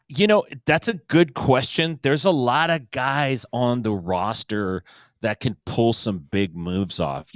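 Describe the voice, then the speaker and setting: A man on a jiu-jitsu panel, giving his pick in a measured, analytical way. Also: fairly low pitch, dry recording, studio quality.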